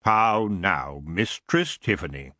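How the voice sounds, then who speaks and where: A man doing a smooth, languid elf king. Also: deep voice, lively intonation, slow, bright, forceful tone, no echo, pitched below the performer's own voice, full character voice. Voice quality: smooth, lazy drawl. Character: tall antlered elf king, languid, cruel.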